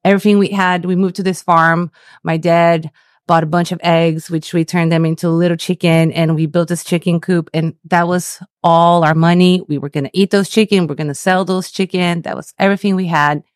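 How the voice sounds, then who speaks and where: Brazilian-born woman telling an animated story. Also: lowish voice, a little fast, dry recording, studio quality. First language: Portuguese. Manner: animated storyteller who laughs easily. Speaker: Portuguese school director. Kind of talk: casual interview storytelling.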